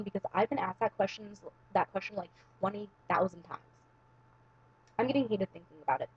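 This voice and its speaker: A woman's voice: mid-range voice, a little fast, husky, lo-fi sound. A young woman telling a long personal story to camera in a casual, rambling way, full of "like" and "um.". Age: young adult. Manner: rambling, heavy use of "like" and "um". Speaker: vlogger.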